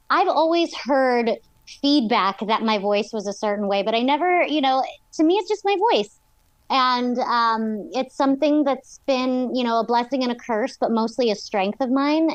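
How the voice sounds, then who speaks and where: A woman's voice: fairly high pitch, normal speed, no echo. A woman voice actress, a guest in an interview, talking in a bubbly, giggly way full of "like" and "um".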